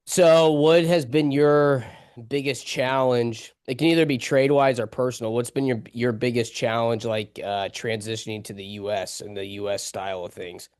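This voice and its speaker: A man's voice: mid-range voice, steady tone, moderate pace, darkish tone, clean tone, no echo, clean studio sound. A man hosting a casual interview, asking loose, easygoing questions in a chatty way. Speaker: podcast host.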